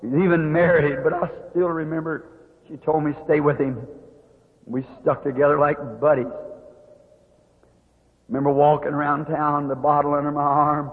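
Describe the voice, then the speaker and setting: A man preaching an emotional testimony, pleading and rising to high cries. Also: level tone, normal speed, pauses often. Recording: tinny old lo-fi recording in a reverberant hall.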